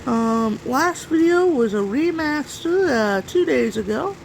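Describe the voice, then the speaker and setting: A woman's voice: high voice, expressive, slow pace, creaky, a little hiss or hum, poor audio. A woman hosting a reaction video in casual, rambling commentary, talking to herself and swearing now and then. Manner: rambling, swears, talks to herself while browsing.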